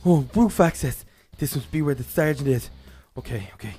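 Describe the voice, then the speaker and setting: A young man hosting a game role-play, narrating every move in character and getting loud and excited during the action. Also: a little high, moderate pace.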